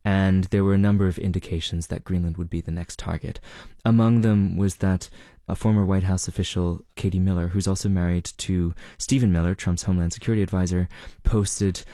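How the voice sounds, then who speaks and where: A man answering interview questions as a reporter, measured and explanatory, with occasional fillers. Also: deep voice, fairly even intonation, dark tone, no room sound, studio quality. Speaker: reporter guest.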